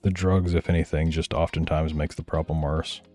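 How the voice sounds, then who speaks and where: A man's voice: very deep voice, little pitch movement, moderate pace, a little mellow. A man giving blunt, profane, heated commentary while reacting to videos, with faint music behind. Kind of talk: casual ranting commentary.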